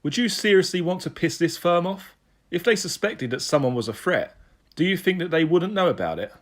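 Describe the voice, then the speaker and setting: Pitched higher than his own voice, a man performs in a high, slightly bright tone with lively intonation at a slightly fast pace. His character is a crude, joking Welsh male police sergeant who speaks bluntly and teasingly with a Welsh accent.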